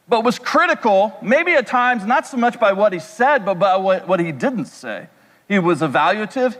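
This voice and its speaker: High-voiced preaching man in an echoey hall. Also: fairly bright tone. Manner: conversational preaching with rhetorical questions. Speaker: pastor. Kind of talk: sermon.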